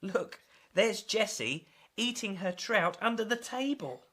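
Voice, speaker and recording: Slow, bright woman reading a story. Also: mid-range voice. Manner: expressive, slow and emphatic. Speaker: presenter.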